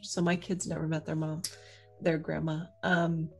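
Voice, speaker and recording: A woman's voice: deep voice, level tone, normal speed, creaky, darkish tone, faint music behind. A woman hosting a podcast, giving supportive replies and then telling her own family story in a chatty way. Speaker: podcast host. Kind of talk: casual interview chat.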